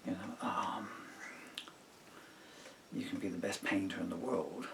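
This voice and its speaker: Older man, songwriter, rambling muttered asides, gravelly voice, home studio. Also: low voice, steady tone, normal speed, long pauses, far from the mic, noisy background. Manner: meandering, self-interrupting, muttered asides. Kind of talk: casual rambling talk while writing a song.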